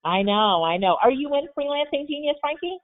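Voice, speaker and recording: Her voice sits high and is expressive and brisk as she hosts a motivational, upbeat coaching Q&A on a video call. The recording has a tinny, phone-style webinar quality.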